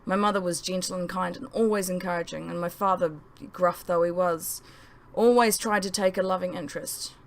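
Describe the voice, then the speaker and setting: A woman's voice: lowish voice, a little fast. A woman author narrating her own novel as an audiobook. She tells it in the first person, leaning into the feelings of each line. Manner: expressive first-person storytelling.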